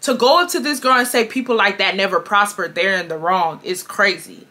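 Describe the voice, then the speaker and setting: A woman's voice: medium pitch, brisk, bright, forceful tone. A woman in her twenties from Houston, telling a storytime to her viewers in a casual, emphatic way, repeating herself and swearing freely. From Houston, Texas. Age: 20s. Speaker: storytime vlogger.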